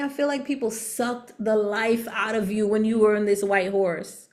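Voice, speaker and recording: A woman's voice: mid-range voice, moderate pace, hardly any pauses. Chatty woman giving a tarot reading. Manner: chatty and animated, laughs often; slangy, relaxed talk. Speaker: tarot reader.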